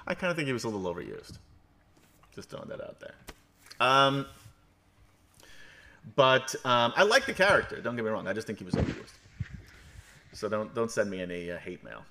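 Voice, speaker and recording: A bright-voiced man from New York runs a game stream, recapping between jokes. His pitch swings widely and he rambles through plenty of fillers. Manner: joking, rambling, many fillers. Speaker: game master. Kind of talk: livestream recap and banter.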